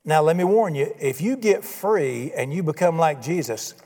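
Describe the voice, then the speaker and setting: Expressive and speaking at normal speed, a pastor delivers his sermon from the pulpit in a slightly mellow voice that is high for a man. He chats folksily with rhetorical questions, his words carried by the church hall's long reverb.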